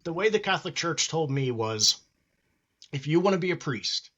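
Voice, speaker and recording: A middle-aged man with a fairly high voice talks as a guest in a casual interview. His tone is bright and forceful, earnest and reflective. He acts out the voices of people he quotes. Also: lively intonation, normal speed, dull audio. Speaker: guest wrestling trainer.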